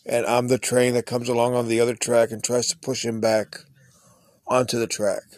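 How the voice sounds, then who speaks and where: A man's voice: medium pitch, monotone, normal speed, darkish tone. A man hosting his own podcast, talking in a rambling, earnest, unscripted monologue. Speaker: podcast host. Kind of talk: casual monologue.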